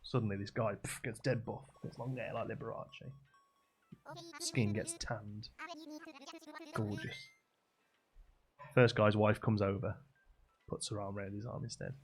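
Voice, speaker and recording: A man's voice: on the low side, flat delivery, unhurried, long pauses, soft background music. A man telling a long, rambling joke in a chatty way while streaming a game.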